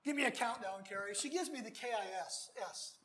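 Man, middle-aged pastor, folksy baptism sermon, animated, bursts of shouting. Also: extremely high pitch, fairly quick.

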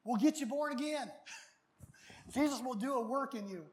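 A middle-aged male pastor preaching a baptism sermon in a folksy, animated way, sometimes breaking into shouts. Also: very high voice, moderate pace.

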